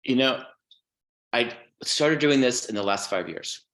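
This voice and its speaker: A man talking as a podcast guest, telling stories in a relaxed way and swearing casually. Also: medium pitch, measured pace. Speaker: guest musician.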